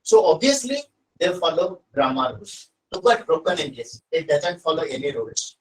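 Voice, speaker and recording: A man's voice: a little high, sing-song, moderate pace, far from the mic, rough recording. A man with an Odia Indian accent teaching an English lesson, stressing and repeating his key points to students. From Odisha, India. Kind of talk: classroom lesson.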